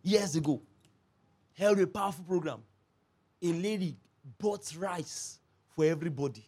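Pastor preaching, high voice, tells stories and repeats himself a lot. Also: male voice, measured pace, breathy edge. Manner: animated storytelling, repeats phrases, laughs often. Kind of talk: sermon.

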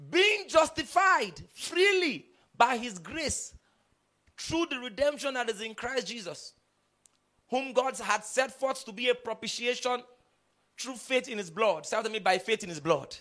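A man preaching a sermon, emphatic and often checking in with the congregation, rising to loud bursts and dropping low again. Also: lively intonation, a little slow. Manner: builds to loud bursts, then drops low and quiet.

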